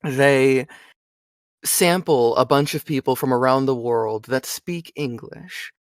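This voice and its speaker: Guest slot: young male voice actor, animated and chatty, dry close recording. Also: mid-range voice, slow, no echo. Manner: animated, chatty, frequent fillers. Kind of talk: casual interview chat.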